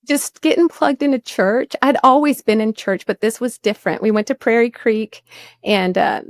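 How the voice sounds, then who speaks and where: A woman, recounting her past with earnest feeling as an interview guest. Her voice has a gravelly, fry-tinged texture. The sound is dry and close. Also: mid-range voice, darkish tone, no room sound. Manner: earnest storyteller, voice rising when moved. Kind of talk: personal testimony in a faith interview.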